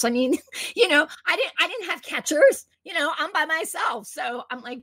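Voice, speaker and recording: A middle-aged woman guest tells stories in an animated way, putting on quick voices for people she quotes. Her voice sits fairly high, with a gravelly, husky edge. The sound is dry and close to the mic. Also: dry recording. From New Jersey. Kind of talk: storytelling in a conversation.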